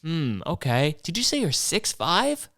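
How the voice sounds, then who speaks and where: A man's voice: a little high, wildly swooping pitch, measured pace, gravelly, a bit bright, dry recording, clean studio sound, pitched above the performer's own voice, exaggerated voice. Man mimicking a swooning starstruck woman. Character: starstruck woman swooning over a handsome date.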